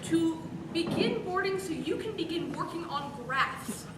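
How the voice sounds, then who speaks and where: A woman's voice: very high voice, animated, a little slow. A woman playing an airline gate agent in a stage comedy sketch, reading out boarding calls in a mock-official manner. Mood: deadpan official. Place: theatre stage. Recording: echoey live stage, far off, noisy.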